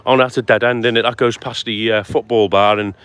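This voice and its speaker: A man's voice: mid-range voice, steady tone, a little fast, fairly bright tone, smooth. A man live-streaming a walk outdoors, chatting and greeting viewers by name as he goes. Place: outdoors on town streets at sunset. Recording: faint outdoor street noise.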